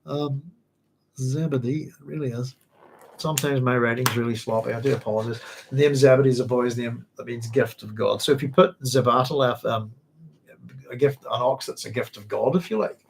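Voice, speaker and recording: A man's voice: mid-range voice, brisk, gravelly, a little hiss or hum. A man with a Northern Irish accent hosting a casual book club stream, chatty and rambling, with plenty of fillers and restarts. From Northern Ireland. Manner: rambling, chatty, many fillers and self-corrections. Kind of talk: casual livestream book discussion.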